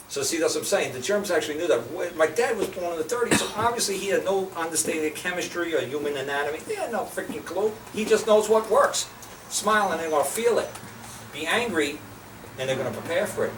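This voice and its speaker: A man's voice: on the high side, fast talker. An older man telling blunt, profane stories to a small group, often acting out the voices he quotes. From United States. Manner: blunt, profane, animated storyteller who acts out quoted voices. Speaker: speaker sharing life lessons. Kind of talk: casual storytelling talk to a small group. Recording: roomy, distant recording with noticeable background noise.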